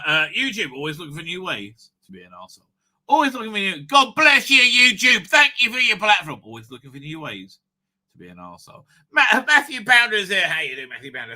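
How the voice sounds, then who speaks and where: A man's voice: on the high side, pushed and bright. A man hosting a casual live stream, rambling and swearing freely, with stammered fillers as he reacts to chat.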